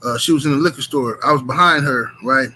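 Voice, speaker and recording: Male streamer, animated profane storyteller, bright edgy tone. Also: medium pitch, quick pace, a little hiss or hum, low-quality recording. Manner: profane, animated, rambling with lots of filler. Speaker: streamer telling stories to chat. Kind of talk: casual storytelling.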